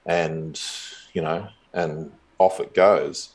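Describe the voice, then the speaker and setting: A man's voice: a bass voice, steady tone, slow. A man in his fifties telling a long story in a casual, rambling way, chuckling often as a guest in an interview. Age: 50s.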